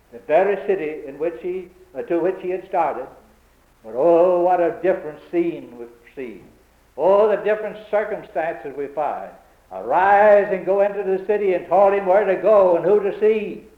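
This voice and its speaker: A man preaching a sermon in an old-time cadence, building to fervent, emphatic peaks. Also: a little high. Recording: tinny phone-like, echoey room.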